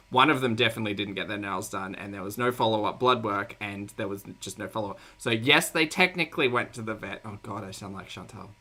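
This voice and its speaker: A man's voice: fairly low pitch, pushed and bright. A man co-hosting a casual stream, rambling and self-deprecating. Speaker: co-host on the stream. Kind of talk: casual chat.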